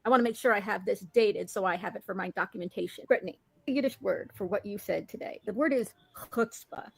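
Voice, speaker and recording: A woman's voice: mid-range voice, fast, creaky, husky, dry recording. A woman giving pointed, critical commentary on a clip. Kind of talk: commentary on clips.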